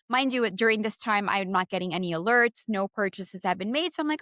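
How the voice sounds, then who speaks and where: Animated woman with an accent, storytelling. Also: medium pitch, a little fast, dry recording, studio quality. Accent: non-native English. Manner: animated, swearing, acts out both sides of phone calls. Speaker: podcast co-host. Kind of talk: casual storytelling chat.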